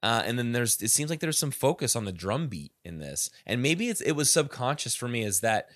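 A man's voice: medium pitch, big pitch swings, a little fast, a bit bright, no echo. Man co-host, eager rambling chat on a call, dry mic. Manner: enthusiastic, rambling with restarts. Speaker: podcast co-host.

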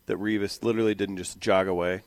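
A man co-hosting a sports radio show, bantering and asking his partner quick questions. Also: low-pitched, little pitch movement, no echo. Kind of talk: casual sports talk.

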